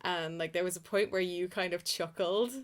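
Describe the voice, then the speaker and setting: A woman co-hosting a podcast, chatting about a book and its film adaptation in a relaxed way, with lots of fillers and easy laughter. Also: on the low side, normal speed. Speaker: podcast co-host. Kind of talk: casual film chat.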